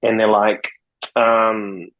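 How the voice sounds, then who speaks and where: A man's voice: on the low side, level tone, drawn-out words, fairly bright tone, poor audio. A man from Australia, a podcast guest, telling stories bluntly and swearing freely as he acts out conversations. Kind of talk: casual interview storytelling.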